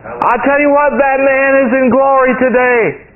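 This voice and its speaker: A man preaching a sermon, emphatic, his voice rising to high exclamations. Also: normal speed. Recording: tinny phone-like radio broadcast.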